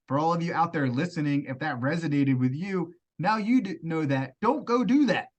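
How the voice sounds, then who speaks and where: A man's voice: on the high side, lively intonation, moderate pace, muffled recording. A man co-hosting a podcast, talking candidly and loosely about his own mistakes. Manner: candid, loose, self-deprecating. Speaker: podcast co-host. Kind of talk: casual podcast chat.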